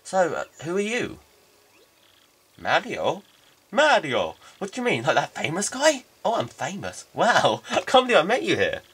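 Dude doing a sassy young girl for a game, blunt and chatty, kinda high. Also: wildly swooping pitch, moderate pace, a bit bright, slightly rough, heavily acted. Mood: snarky. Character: sassy young female student, blunt and snarky.

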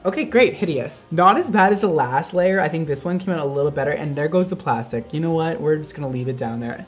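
Dramatic man with a lively voice. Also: high voice. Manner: dramatic, exaggerated reactions, self-mocking. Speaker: hairstylist. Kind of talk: casual hair-coloring vlog.

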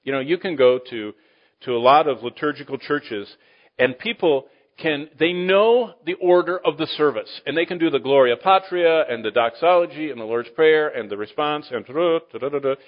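A man gives animated, sermon-style Bible teaching to a live audience, asking the room questions and alternating between loud emphasis and quiet asides. His pitch is fairly high and his pace moderate, captured on a dull lo-fi recording.

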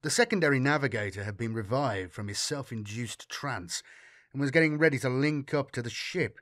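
A man narrating a grim sci-fi audiobook in an expressive storytelling reading. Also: medium pitch, no echo, studio quality. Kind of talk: scripted narration.

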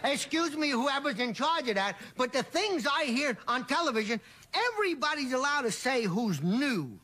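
Older guy comic doing a bar joke, lively bouncy pitch, studio talk show. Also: moderate pace. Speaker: comedian guest. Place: TV studio with live audience.

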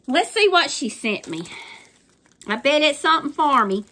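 A woman's voice: high voice, big pitch swings, normal speed, bright, forceful tone. An older woman with a Southern US accent, chatting casually and gushing through a craft unboxing with folksy phrasing. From Southern United States. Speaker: crafting YouTuber.

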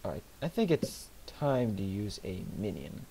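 A man's voice: on the low side, very animated, a little slow, creaky, few pauses, husky. A man giving let's play commentary at his computer, muttering and reading game words aloud as he types. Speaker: gaming channel host. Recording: loud background noise.

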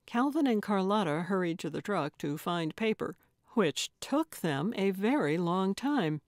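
A woman reads a cozy mystery audiobook in a calm, measured way. Her pace is unhurried and the sound is close and dry, with no room around it. Her pitch sits in the middle range. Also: dry recording. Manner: measured, plain storytelling. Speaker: audiobook narrator. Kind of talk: scripted narration.

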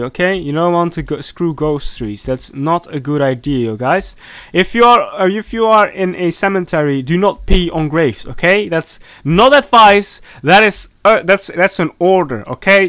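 A high, bright-voiced man narrating a horror game as he plays, his pitch leaping all over the place. He mutters to himself, scolds the characters in mock outrage, and yelps when startled. The sound is dry and close to the microphone. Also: expressive, moderate pace, no room sound. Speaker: gaming commentator. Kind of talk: let's play commentary.

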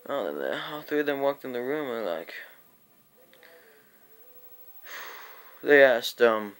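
A man's voice: medium pitch, sing-song, a little slow, fairly bright tone, clear, resonant tone. A young man telling a rambling, profane storytime vlog, acting out quotes and sometimes dropping into a whisper. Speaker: vlogger.

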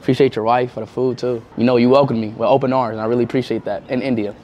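A young man chatting excitedly as a guest in an Indian home, with loud exclamations. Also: medium pitch, rapid-fire, echoey room, dull audio. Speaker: vlogger, guest. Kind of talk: casual vlog chat.

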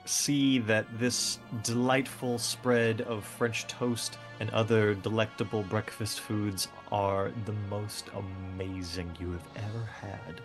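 A man's voice: fairly low pitch, fairly even intonation, slow, few pauses, faint music behind. A man narrating a tabletop game as game master, casual, with lots of fillers and laughter.

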